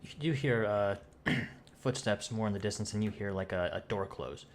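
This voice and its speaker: Low-voiced man running a tabletop game. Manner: halting, many fillers and restarts. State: coughing. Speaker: game master.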